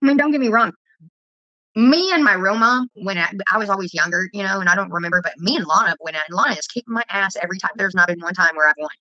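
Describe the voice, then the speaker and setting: Foul-mouthed woman, bright and dry. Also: mid-range voice, fast, dry recording, lo-fi sound. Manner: profane, heated storytelling. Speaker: vlogger. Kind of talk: casual livestream chat.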